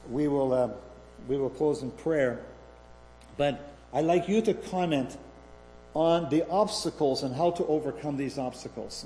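A man preaching a sermon, halting and restarting, putting questions to his listeners. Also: fairly high pitch, mellow, slight background noise. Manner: halting, restarts often, asks the audience questions. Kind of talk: sermon with a read-aloud story. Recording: reverberant hall.

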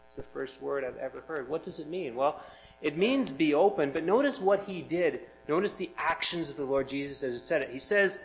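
A man's voice: mid-range voice, moderate pace, low-quality recording. A man preaching a sermon, reading scripture aloud and explaining it with rising emphasis. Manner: expressive, builds to emphatic peaks.

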